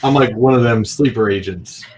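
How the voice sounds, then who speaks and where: Blunt, dry-humored low-voiced man. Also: moderate pace, a little mellow. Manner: blunt, dry, folksy drawl. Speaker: player. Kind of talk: playing a character in a tabletop game. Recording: faint background noise.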